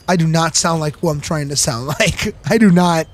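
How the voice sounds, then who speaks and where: A man's voice: a little high, normal speed, hardly any pauses. A man giving casual gameplay commentary, rambling, giggly and self-deprecating. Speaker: gaming channel host.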